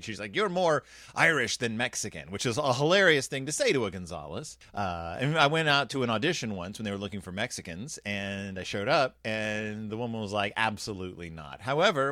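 A man's voice: mid-range voice, sharp tone, dry recording, studio quality. A man telling a rambling, wry story in a casual monologue, full of self-deprecating jokes.

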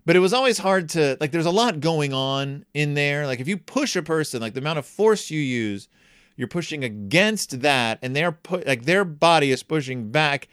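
A man hosting a comedic book review, talking in an animated, jokey way with wry asides. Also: fairly high pitch, moderate pace, smooth, no echo, studio quality.

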